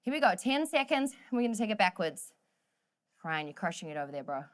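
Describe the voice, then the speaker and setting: At a quick pace and medium pitch, with big swings in her intonation, a woman runs an energetic workout class. She's an upbeat, joking fitness instructor who encourages people and counts down the final seconds of each set.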